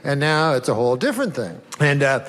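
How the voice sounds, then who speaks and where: A middle-aged male comedian telling stories and jokes in a deadpan, drawling talk-show manner. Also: mid-range voice, fairly quick, long reverb tail.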